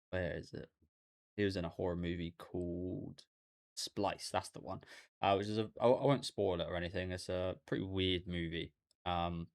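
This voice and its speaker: A man's voice: low-pitched, dry recording, studio quality. A young man rambling casually to himself as he reacts to an anime episode. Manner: rambling, talking aloud to himself.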